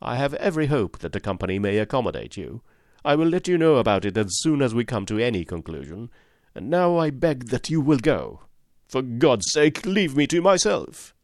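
A man voicing a panicky male company manager who strains to stay polite, his voice climbing higher as he pleads. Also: very animated, fast, darkish tone, no room sound, clean studio sound. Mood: strained. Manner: strained, pleading, voice rising high.

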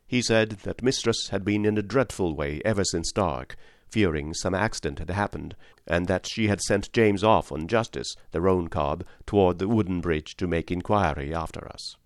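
A man reading a classic story aloud in a gentle, measured storytelling manner. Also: low-pitched, no room sound, studio quality. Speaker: audiobook reader. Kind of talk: storybook narration.

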